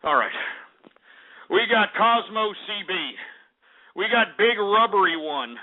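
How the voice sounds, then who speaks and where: A man's voice: sits high, lively intonation, unhurried. A man hosting a radio show, ranting and cursing in angry outbursts, sounding winded. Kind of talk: ranting call-in radio talk. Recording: tinny phone-like lo-fi audio.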